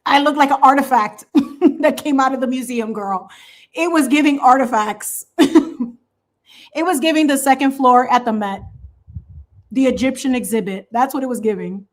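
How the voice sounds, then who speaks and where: Sassy chatty woman with a slightly high voice. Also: moderate pace, long pauses. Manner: sassy, animated, laughs often, slangy asides. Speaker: craft channel host. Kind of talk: casual chatty monologue.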